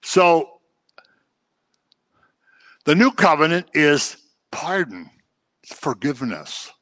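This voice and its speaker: A pastor gives a conversational sermon, acting out everyday examples to drive his points home. His voice is on the high side, sing-song and a bit bright, at a slow pace, with no room sound.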